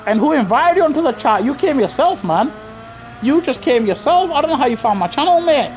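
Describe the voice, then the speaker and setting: Brisk and very high-voiced, with big pitch swings, the racing-game streamer talks to his live viewers through a gaming headset that adds slight hiss or hum. His chat is casual, slangy and repetitive.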